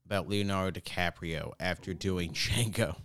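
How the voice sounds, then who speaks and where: Wry, smooth-voiced male podcast host. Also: low-pitched, normal speed, fairly bright tone, no room sound, studio quality. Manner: wry, joking asides; swears freely. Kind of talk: casual chat.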